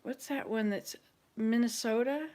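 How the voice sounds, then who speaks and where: A woman's voice: on the high side, measured pace, a little mellow. A woman hosting a casual chat with online viewers, thinking aloud and hesitating as she searches her memory. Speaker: channel host.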